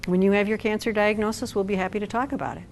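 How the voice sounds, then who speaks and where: Woman, social worker, support group talk, animated, acts out quotes, mid pitch. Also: racing, a little hiss or hum.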